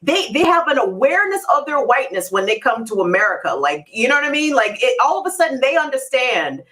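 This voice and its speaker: Lively, chatty woman co-host. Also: high voice, fast. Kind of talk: casual radio talk.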